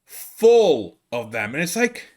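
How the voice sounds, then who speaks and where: A man's voice: fairly high pitch, big pitch swings, slow. A man with a Brooklyn accent hosting a casual comedy monologue, rambling and exasperated, with lots of restarts. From United States. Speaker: comedian podcast host.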